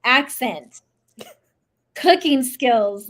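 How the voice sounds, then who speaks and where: Brief: female host, supportive and affirming, fairly high voice. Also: measured pace. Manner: warm, affirming, encouraging. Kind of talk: casual interview.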